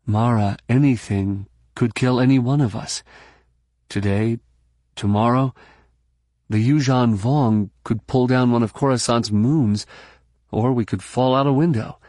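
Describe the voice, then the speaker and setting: A man voicing an earnest, protective young man hero in a low, gentle, reassuring voice, within a novel reading. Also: fairly even intonation, unhurried, no echo, clean studio sound, natural voice.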